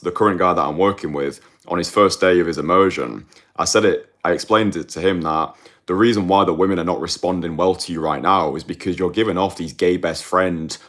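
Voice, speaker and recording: A man talking straight to the camera as a dating coach, blunt and emphatic, repeating phrases for effect and clearing his throat now and then. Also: deep voice, fairly bright tone. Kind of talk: direct-to-camera monologue.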